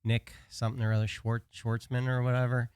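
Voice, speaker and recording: A man's voice: medium pitch, flat delivery, a little fast, a little mellow, clear, resonant tone, no echo, studio quality. A man, a bartender guest on a podcast, telling self-deprecating stories with frequent laughs and hesitations. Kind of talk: casual chat.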